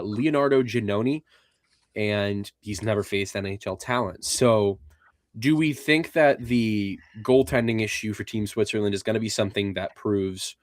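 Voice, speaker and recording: A young man co-hosts a casual sports podcast, his voice sitting on the low side. He moves through lists in a steady, methodical way. The sound is dry and close, with no room around it. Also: no room sound. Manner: lists players in an even, methodical way. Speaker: podcast co-host. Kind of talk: casual chat.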